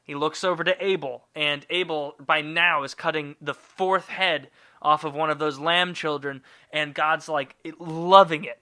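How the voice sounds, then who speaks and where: Crude, bright-voiced comic storyteller man. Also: a little high. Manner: crude, rambling, sarcastic. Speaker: podcast host.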